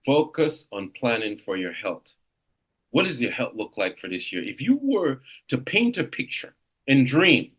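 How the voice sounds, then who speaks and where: A man in his fifties, a real estate coach, leading a motivational coaching session with an animated, exclamatory delivery. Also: medium pitch, measured pace, slightly rough. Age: 50s. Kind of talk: coaching seminar.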